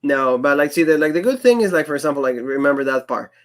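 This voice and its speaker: A man's voice: a little high, lively intonation, fast. A man co-hosting a casual wrestling review, enthusiastic, laughing often and acting out what wrestlers said. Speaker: wrestling show co-host. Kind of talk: casual podcast chat.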